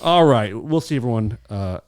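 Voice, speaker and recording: A man's voice: medium pitch, expressive, moderate pace, a crowd in the background. A man hosting a podcast in casual comedic chat, joking, profane and laughing often. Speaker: podcast host.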